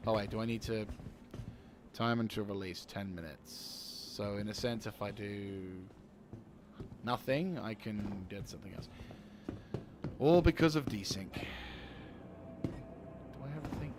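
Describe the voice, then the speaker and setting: A man's voice: fairly low pitch, moderate pace, long pauses, noisy background. Cursing man narrating his gameplay. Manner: mutters to himself while playing, swears, flares up. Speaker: gaming streamer. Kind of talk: live gameplay commentary. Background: game music.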